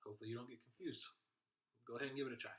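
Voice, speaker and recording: A man's voice: mid-range voice, fairly even intonation, very fast, a bit bright, echoey room, rough recording. A male teacher patiently walking children through a phonics lesson step by step.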